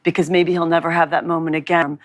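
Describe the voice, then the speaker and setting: A woman's voice: low-pitched, flat delivery, fast talker. A woman speaking thoughtfully and a little hesitantly in an interview. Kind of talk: reflective interview talk.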